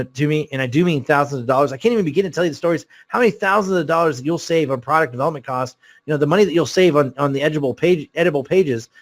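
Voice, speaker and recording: A man hosting a live sales webinar, telling a story in an excitable, rambling way full of fillers. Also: medium pitch. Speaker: webinar host selling a course.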